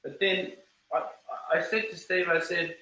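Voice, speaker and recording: Bright-voiced New guitarist, roomy. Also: male voice, high voice, flat delivery, unhurried. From New Zealand. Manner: rambling, repeats words, acts out quotes. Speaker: band guitarist. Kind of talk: casual storytelling interview. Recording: roomy echo, faint background noise.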